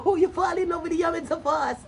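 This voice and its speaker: A young Jamaican woman ranting loudly in commentary, profane and brash, bursting into shouts and cackling laughter. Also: very high voice, gravelly. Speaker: social media commentator.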